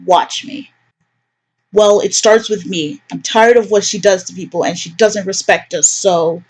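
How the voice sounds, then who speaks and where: A woman's voice: medium pitch, steady tone, a little slow, close to an everyday voice. A woman reading the lines of a sulky, defiant young man who grumbles against his mother. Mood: stubborn. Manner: stubborn, grumbling.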